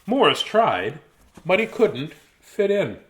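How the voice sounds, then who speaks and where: Man, 50s, chatty storybook host, slightly high voice, lively up-and-down pitch, rambling asides. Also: takes it slowly, background noise. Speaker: host reading children's books. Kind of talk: casual live read-aloud.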